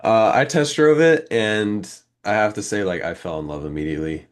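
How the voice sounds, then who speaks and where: With a lowish voice and moderate pace, this young man, a co-host in his twenties, recounts a long story on a casual podcast. His delivery is animated as he acts out the quoted conversations.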